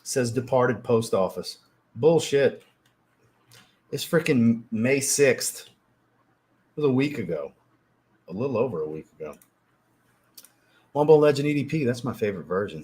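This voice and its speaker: Animated, profane male livestream host. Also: mid-range voice. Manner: animated, profane storytelling, reads chat aloud. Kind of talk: casual livestream chat.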